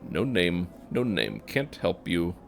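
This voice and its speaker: A man's voice: low voice, huge pitch swings, slow, vocal fry, slight background noise, full character voice. A man doing a sing-song, chanting dustman. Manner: clipped, chanting phrases. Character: eerie male dustman who tolls names like a bell.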